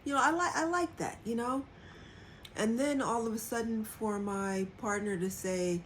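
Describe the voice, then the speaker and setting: A woman's voice: fairly high pitch, normal speed, a little hiss or hum. A woman hosting a livestream, talking candidly and casually about her own experience, and acting out quoted dialogue in changed voices. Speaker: livestream host. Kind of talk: casual personal reflection.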